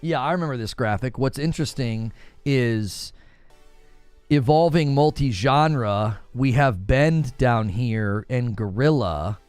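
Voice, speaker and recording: A man's voice: medium pitch, slow pace, clean tone, no room sound, faint music behind. A man hosting a casual gaming news live stream, talking straight to his chat and mimicking other people's voices. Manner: animated, talks to chat, mimics others in raised voice.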